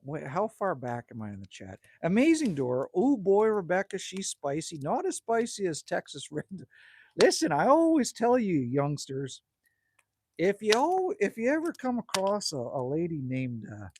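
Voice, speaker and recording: A Canadian man in his fifties hosts a casual livestream outdoors by a campfire at his cabin, reading viewer comments and bantering crudely with chat. His voice is high with huge pitch swings, a moderate pace and a darkish tone, over a little hiss or hum.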